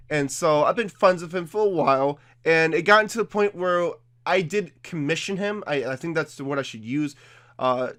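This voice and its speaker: Young man, YouTuber, casual commentary, higher voice, chatty, defensive. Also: fairly bright tone. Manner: chatty and defensive, with laughs and fillers.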